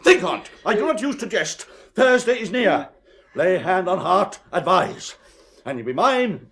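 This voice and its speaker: Tyrannical older lord, shouting tirades, high and lively for radio drama. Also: male voice, gravelly, exaggerated voice. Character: older male nobleman, hot-tempered domineering father. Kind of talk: 1970s radio drama acting.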